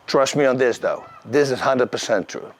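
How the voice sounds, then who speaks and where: A middle-aged man with a Dutch accent, telling his personal story to camera in an animated, emphatic, slangy way. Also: mid-range voice, normal speed. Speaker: host.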